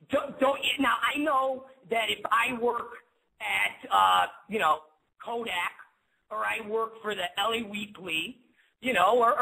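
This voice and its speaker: A man's voice: sits high, creaky, bright, forceful tone, slightly rough, low-quality recording. A man hosting a webcast, telling a story in a rambling, profane rant full of repeats and restarts. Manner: rambling, repetitive, swears often, stumbles over words. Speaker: webcast host.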